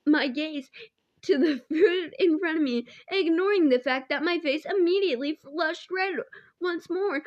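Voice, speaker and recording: Giggly high-voiced young woman reading. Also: measured pace, no room sound, dull audio. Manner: giggly, often breaks into laughter. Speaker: fanfic reader. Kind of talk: casual fanfic reading aloud.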